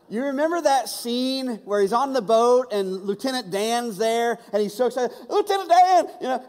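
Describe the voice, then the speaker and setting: A man preaching a sermon as pastor, telling the story with humor, quick asides and restarts. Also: extremely high pitch, a little mellow. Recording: long reverb of a large hall.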